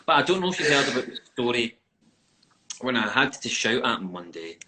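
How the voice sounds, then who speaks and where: A man talks over a video call, his voice bright and forward. He tells stories in a lively, laughing way. His pitch sits in the middle range. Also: fairly quick, a little hiss or hum, low-quality recording. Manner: animated, laughing storyteller. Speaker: actor being interviewed. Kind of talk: casual chat.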